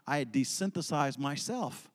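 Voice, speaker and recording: A man's voice: mid-range voice, lively intonation, normal speed, long reverb tail. A man preaching an earnest, emphatic sermon, weaving in personal stories.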